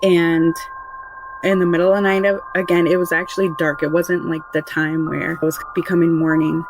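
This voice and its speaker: A woman's voice: lowish voice, flat delivery, normal speed, background noise. A woman casually recounting a frightening family experience, rambling and conversational with many restarts. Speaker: mother telling a true paranormal story. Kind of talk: casual spoken recollection.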